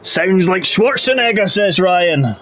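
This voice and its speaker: A man leading live commentary on an online racing league, chatty between bursts of excited race calling. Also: high voice, takes it slowly, over a noisy crowd. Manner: chatty, rises to excited shouting at race action.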